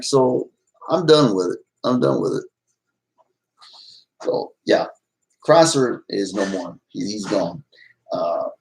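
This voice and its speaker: A man's voice: mid-range voice, creaky, low-quality recording. A middle-aged man live-streaming, talking casually to his chat in a rambling, restless way that moves from agitated to apologetic. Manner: rambling, agitated then apologetic, many restarts.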